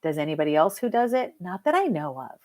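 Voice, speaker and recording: A woman hypnotherapist chatting casually to viewers on a live stream, lively and talking straight to her audience. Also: on the low side, fast talker. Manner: chatty and lively, addresses viewers as "you guys". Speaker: hypnotherapist and mentor.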